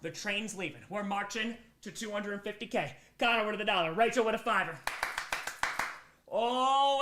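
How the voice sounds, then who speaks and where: A man's voice: high-pitched, moderate pace, roomy sound, background noise. A worn-out man streaming for a whole day, thanking donors one by one and swinging between hype and tired mumbling. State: exhausted after a day awake. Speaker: streamer reading out donations. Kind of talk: live charity stream chat.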